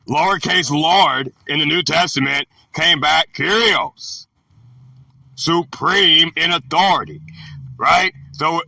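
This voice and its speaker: A man teaching a Bible word-study lesson, talking haltingly with many filler pauses. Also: a little high, vocal fry, pushed and bright, no echo, clean studio sound, recorded from a distance.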